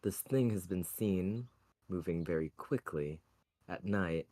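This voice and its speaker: A halfling artificer with a sharp, curious mind, played by a man in a tabletop game. The voice sits fairly low and works through ideas step by step. The sound is dry and close. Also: slow, no echo. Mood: speculating. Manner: thoughtful, speculating. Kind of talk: tabletop role-play.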